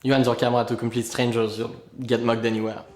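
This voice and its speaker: A teasing young man with a Parisian French accent, played by a man, speaking in a flat, dry way. His voice sits in a middle register, and the clip sounds roomy and a little distant. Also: medium pitch, fast talker, close to an everyday voice.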